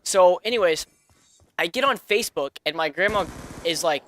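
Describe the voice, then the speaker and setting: Bright-voiced young man rambling. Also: high-pitched, lively intonation, normal speed. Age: 20s. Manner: rambling, with many fillers and restarts. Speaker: vlogger. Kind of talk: casual storytelling vlog.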